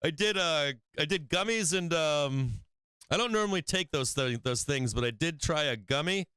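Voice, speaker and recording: A man's voice: on the high side, expressive, normal speed, bright, forceful tone, smooth, no echo. A man hosting a stock trading livestream in casual chat, rambling and swearing freely, often breaking into laughter.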